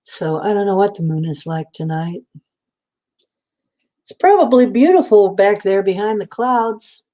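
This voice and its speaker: A woman's voice: medium pitch, a little slow, warm tone, muffled recording. A woman hosting a casual chat, meandering and chatty with many fillers. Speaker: host.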